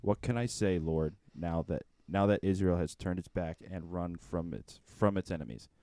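A man in a study group reading a Bible passage aloud at a steady pace. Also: low-pitched, normal speed, no echo.

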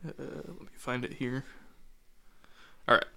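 A young man in a Bible study group, talking quietly and reading a verse aloud. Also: medium pitch, fairly even intonation, a little slow, creaky, slight background noise. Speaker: group member.

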